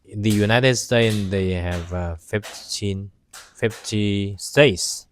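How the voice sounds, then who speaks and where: Man from China, Chinese native, slow halting English, low voice, casual vlog. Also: steady tone, a little hiss or hum. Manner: halting, searching for English words. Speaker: vlogger. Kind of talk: casual talk to camera. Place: outdoors by a campfire.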